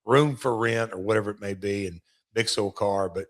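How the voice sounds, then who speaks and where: A man's voice: lowish voice, fairly even intonation, moderate pace. A middle-aged man and former wrestler, co-hosting a casual podcast, telling rambling road stories and often restarting his sentences.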